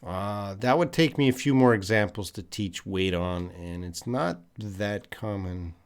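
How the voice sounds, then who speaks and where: A man's voice: on the low side, unhurried, clean tone. Canadian man answering English questions live. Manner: thinking aloud, many fillers and restarts, conversational. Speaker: English teacher.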